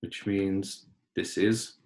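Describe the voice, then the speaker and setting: Low-voiced man teaching Arabic, echoey room. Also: flat delivery, drawn-out words, a little mellow. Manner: patient, explains step by step, clears throat often. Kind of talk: online class lesson.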